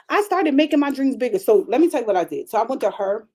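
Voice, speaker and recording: A woman pastor preaching a conversational broadcast sermon, chatty and animated, repeating phrases and calling out to her congregation. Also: on the high side, fast talker. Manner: chatty, repetitive, calls out to the congregation; animated preaching with frequent restarts.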